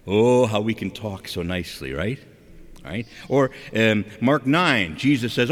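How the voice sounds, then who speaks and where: A man's voice: on the low side, unhurried. A man preaching a conversational sermon in a church, asking rhetorical questions and talking straight to the congregation. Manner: animated, asks rhetorical questions, acts out quotes. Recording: long reverb of a church.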